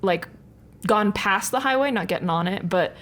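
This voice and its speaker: A young woman co-hosts a podcast and tells a rambling story in a casual, chatty way. She laughs at herself often and keeps a medium pitch throughout. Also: expressive, moderate pace. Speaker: podcast co-host.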